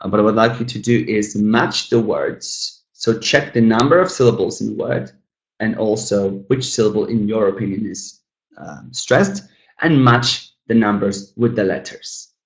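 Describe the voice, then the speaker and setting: A man with a lowish voice teaches an English webinar, calling the learners "guys" and chatting with them. He drills each example word twice, slowly and carefully. The recording is rough and reverberant.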